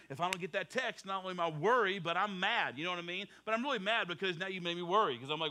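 A middle-aged male pastor preaching a sermon in a church sanctuary, moving from a soft spoken prayer to loud, animated exhortation. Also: fast talker, few pauses. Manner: fervent preaching that builds from a quiet prayer to a loud high exhortation.

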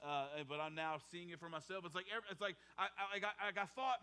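A middle-aged male pastor preaching a sermon in a church sanctuary, moving from a soft spoken prayer to loud, animated exhortation. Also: brisk, hardly any pauses, smooth. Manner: fervent preaching that builds from a quiet prayer to a loud high exhortation.

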